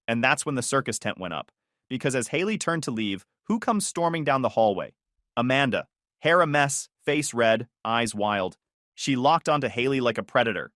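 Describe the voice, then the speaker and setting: A man's voice: mid-range voice, lively intonation, moderate pace, fairly bright tone, no room sound, studio quality. A man narrating a first-person story in a smug, cutting manner.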